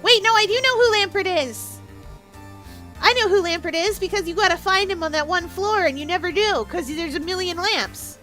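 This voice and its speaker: High-voiced Canadian woman streamer, rambling and jokey. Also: bright, forceful tone, faint music behind. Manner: rambling, jokey, quick asides. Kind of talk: casual game-stream chat.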